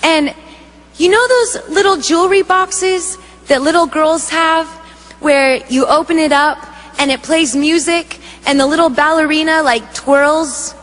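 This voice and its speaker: A woman giving an emotional spoken testimony, telling her story in a vivid, animated way. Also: high-pitched, measured pace, faint music behind. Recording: echoey hall reverb.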